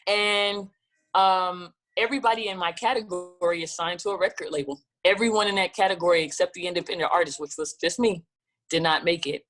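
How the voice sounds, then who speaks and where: A woman, a gospel singer-songwriter, being interviewed and telling her story in a lively, animated way. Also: medium pitch, moderate pace. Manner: animated, acts out quoted dialogue.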